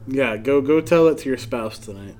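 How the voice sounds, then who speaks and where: Hosting a podcast from a comedy club, a man with a mid-range, slightly mellow voice chats casually with his guest. He laughs easily and swears right along with them.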